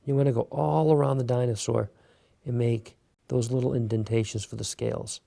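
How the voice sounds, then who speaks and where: A man hosting a beginner clay sculpting tutorial, talking relaxed and casual while he works. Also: mid-range voice, a little fast, gravelly. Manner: relaxed, talks while working, many fillers. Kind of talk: step-by-step craft tutorial.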